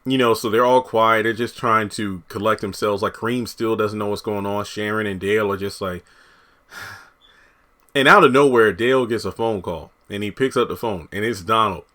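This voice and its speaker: A man with a slightly low voice talks through a TV episode in a loose, chatty way. He gets animated, laughs easily and slips into the characters' lines as he recaps them. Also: normal speed. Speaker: TV episode reviewer. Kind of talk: casual spoken commentary.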